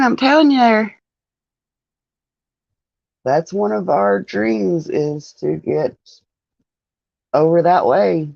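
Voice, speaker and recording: A woman with a low, gravelly voice hosts a casual livestream, chatting with viewers, greeting them by name, and laughing often. The recording has no room sound and its highs are cut off.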